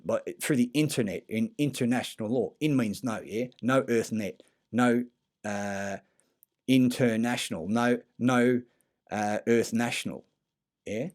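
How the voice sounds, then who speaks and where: A man giving a rambling, profane monologue, halting often with fillers and restarts. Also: mid-range voice, darkish tone. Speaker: conspiracy talker.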